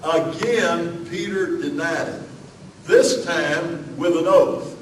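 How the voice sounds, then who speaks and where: A Southern-accented man preaching in a church, chatty and folksy, always reaching for asides and fillers. His voice sits a little high for a man. It comes from some distance off the mic in a roomy hall, with a faint hiss underneath. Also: takes it slowly. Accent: Southern US (Alabama). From Alabama, US. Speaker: pastor. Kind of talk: sermon.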